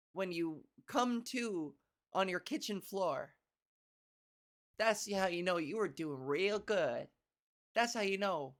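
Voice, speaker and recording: A woman talking alone on her podcast in a loose, wandering way, her voice hoarse and sitting mid-range. She swears freely, coughs and clears her throat, and keeps toying with how high or low she pitches her words. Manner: rambling, profane, playfully toying with her pitch. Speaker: comedian podcast host. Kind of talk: casual solo podcast monologue.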